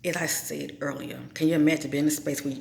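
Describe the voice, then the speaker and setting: Woman host, informal spiritual talk, preachy with rhetorical questions, fry in the voice, echoey room recording. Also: low voice, fairly even intonation, fast talker, darkish tone.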